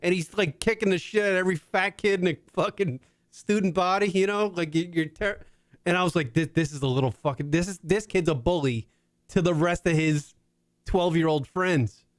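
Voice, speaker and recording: Profane, animated male comedy podcast host. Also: high voice, brisk, dry recording, studio quality. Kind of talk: casual comedy chat.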